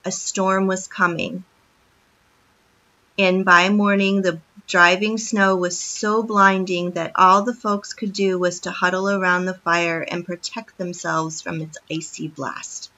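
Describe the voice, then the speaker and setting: A woman reading a children's book chapter aloud with expressive, steady storytelling, in a dull lo-fi recording. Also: fairly low pitch, takes it slowly.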